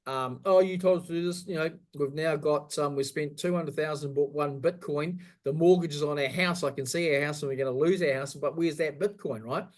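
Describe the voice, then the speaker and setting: Aussie guy, kinda high voice, animated, tells stories, swears a bit. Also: fairly quick, few pauses. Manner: animated storyteller who swears and acts out voices. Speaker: host. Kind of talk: casual chat.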